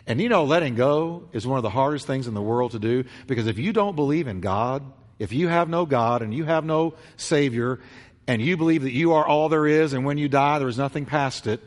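A man preaching a sermon, telling a story with animated voices and swinging between loud bursts and hushed, quiet lines. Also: on the high side, a little fast. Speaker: pastor. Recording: long hall reverb.

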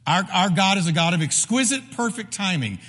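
A man preaching a sermon as pastor, emphatic and repetitive, with sudden drops to a hushed voice. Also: sits high, expressive, brisk. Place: church sanctuary. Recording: long reverb of a large hall.

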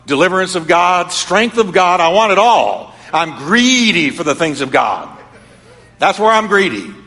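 A man's voice: fairly high pitch, bright, forceful tone. A man preaching a sermon as pastor, emphatic and repetitive, with a strong preaching cadence. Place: church sanctuary. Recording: long reverb of a large church hall.

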